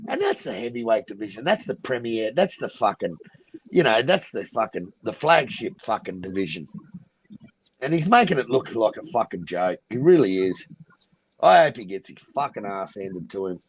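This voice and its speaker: Male co-host, lively swinging pitch, heated and profane. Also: moderate pace, a little hiss or hum. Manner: heated, swearing, indignant. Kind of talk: casual boxing chat.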